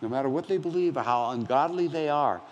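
A pastor in his sixties preaching a conversational, animated sermon with self-deprecating asides. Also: medium pitch, fast, muffled recording, slight background noise. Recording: long hall reverb, faint ambience.

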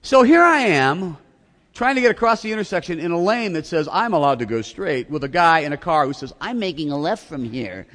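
Fairly high-pitched and brisk, this middle-aged pastor preaches with an animated story that mocks himself. He acts out shouting as he goes. There is long hall reverb on the recording.

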